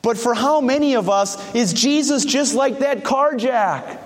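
High-voiced preacher in an echoing church. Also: male voice, unhurried. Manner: questions the congregation directly. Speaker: pastor. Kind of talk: sermon.

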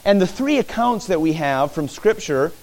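A man preaching a sermon in church, animated, acting out the disciples' cries as he teaches. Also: sits high, normal speed.

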